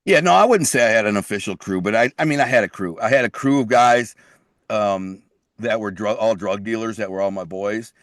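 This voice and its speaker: A man's voice: fairly low pitch, a little fast, dry recording, studio quality. Blunt man telling his story. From Detroit. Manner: blunt street talk, repeats words, restarts. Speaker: guest, author. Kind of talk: casual storytelling interview.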